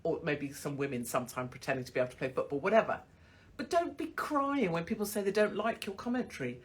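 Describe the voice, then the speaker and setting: A woman's voice: fairly low pitch, lively intonation, quick pace, husky. A woman hosting a casual livestream from a hotel room on her phone, swearing bluntly and mocking people with frequent laughter. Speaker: livestream host.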